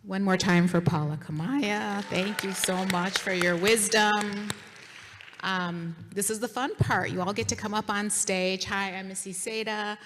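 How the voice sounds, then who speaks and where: A woman's voice: medium pitch, fairly even intonation, measured pace, a bit bright, slight background noise. A woman, a club co-sponsor, hosting an awards ceremony and giving friendly directions. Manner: friendly, gives practical directions. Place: school auditorium. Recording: reverberant hall.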